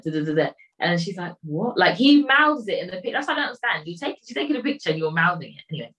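Chatty woman with a low voice. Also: very animated, fast, hardly any pauses, fairly bright tone, poor audio. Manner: rambling retelling with quoted voices and filler. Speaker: storyteller recapping a film. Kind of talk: casual chat.

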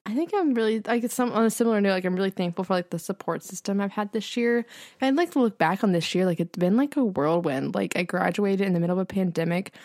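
Twenty-something woman cohosting, lively storyteller, says like a lot, dry close mic. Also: mid-range voice, fast talker, dry recording. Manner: animated storyteller, casual swearing, frequent "like". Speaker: podcast co-host. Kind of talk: casual chat.

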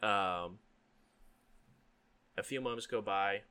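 A man narrating a tabletop game as game master, relaxed and full of ums and likes. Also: lowish voice, takes it slowly, smooth, dry recording.

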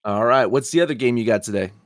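A man's voice: medium pitch, quick pace, dry recording, studio quality. A man co-hosting a sports betting podcast, steering the picks with easygoing, laughing banter. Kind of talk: casual sports betting talk.

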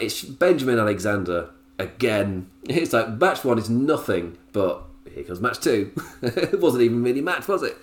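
A young man reviewing a wrestling show alone in a rambling, giggly, self-mocking way. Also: medium pitch. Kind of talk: casual solo commentary.

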